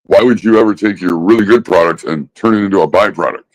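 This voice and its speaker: A man ranting casually about smoking habits, swearing constantly and mocking others with drawn-out pauses. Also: low-pitched, poor audio. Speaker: host. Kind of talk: casual profane rant.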